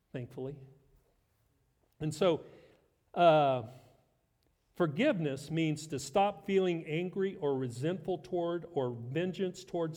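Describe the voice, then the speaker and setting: Joking pastor preaching in a reverberant hall. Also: male voice, on the high side, a little mellow. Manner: conversational, self-deprecating humor. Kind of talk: sermon.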